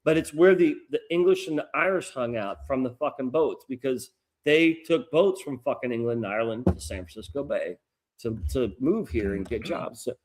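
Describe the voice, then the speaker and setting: A middle-aged American man, a podcast co-host, telling a long story in a rambling, profane, animated way. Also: medium pitch, normal speed. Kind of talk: casual storytelling chat.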